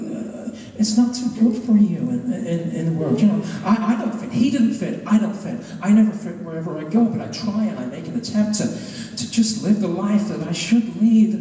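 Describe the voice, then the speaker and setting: A man from London performing a live stand-up set in a rambling, halting way. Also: high voice, lively intonation, warm tone. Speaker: stand-up comedian. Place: live comedy venue. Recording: echoey hall from far off.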